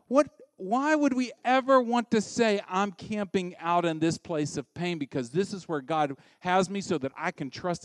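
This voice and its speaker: Animated preaching man, dry close sound. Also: a little high, no room sound. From United States. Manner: animated, conversational preaching with acted-out voices. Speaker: pastor. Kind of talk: sermon.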